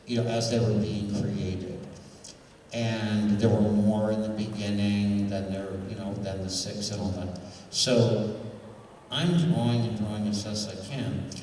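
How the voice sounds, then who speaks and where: A man's voice: lowish voice, mellow, slight background noise. A man, a cartoonist at a convention panel, telling rambling stories and acting out the dialogue, correcting himself as he goes. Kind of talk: anecdotal panel storytelling. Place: convention hall panel room. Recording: echoey hall, voice from far off.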